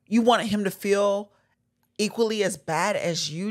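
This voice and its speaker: A woman co-hosting a podcast, chatting casually and telling stories in an animated way with lots of fillers. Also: medium pitch, measured pace. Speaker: podcast co-host.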